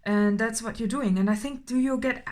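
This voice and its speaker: A tarot reader gives an unscripted intuitive reading, halting and full of fillers, often checking in with "right?" She grows more emphatic as she goes, and her voice is on the high side and a little mellow.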